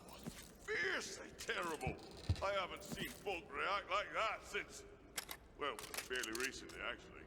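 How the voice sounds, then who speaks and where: A man's voice: a little high, sing-song, normal speed, big-room sound, noisy background. A man voicing a dry, sarcastic adventurer in video game dialogue.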